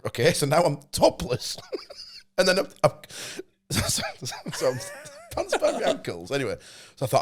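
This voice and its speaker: Lively-voiced man telling a story. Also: fairly high pitch, normal speed. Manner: animated anecdote-telling with laughs. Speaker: podcast co-host. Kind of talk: casual chat, storytelling.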